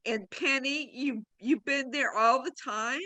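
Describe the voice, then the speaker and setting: A woman who directs a career program, giving halting, choked-up closing thanks on a video call, rambling with restarts. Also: sits high, sharp tone, rough recording.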